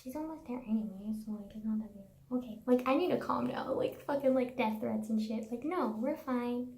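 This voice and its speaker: A young woman rants straight to the camera, sarcastic and profane, with "like" in nearly every phrase. Her voice sits a little high for a woman. The room around her is bare and echoey. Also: brisk, dark tone. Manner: profane, sarcastic, says "like" constantly. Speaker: vlogger. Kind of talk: casual ranting monologue.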